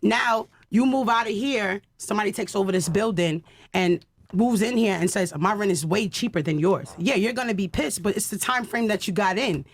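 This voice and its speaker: A woman's voice: mid-range voice, normal speed. A woman guest on a podcast panel, talking bluntly and self-assuredly from her own experience. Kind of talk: casual panel talk.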